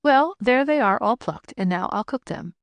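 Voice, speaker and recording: A woman reading the part of a kind, practical young peasant girl in an audiobook, speaking briskly and teasing gently. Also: fairly high pitch, animated, no room sound.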